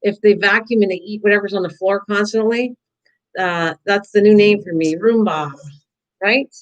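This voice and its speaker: An older woman rambles through a live crafting stream, chatting easily to unseen viewers and to her dog. Her pitch sits right in the middle and her talk wanders from one thought to the next. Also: fairly even intonation, moderate pace, low-quality recording. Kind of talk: casual live-stream chat while painting.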